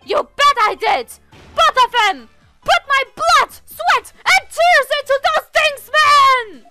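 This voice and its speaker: A woman voicing a loud, hyperactive young male art student who shouts every line. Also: very high-pitched, lively intonation, takes it slowly, faint music behind, pitched above the performer's own voice, heavily acted. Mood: boastful.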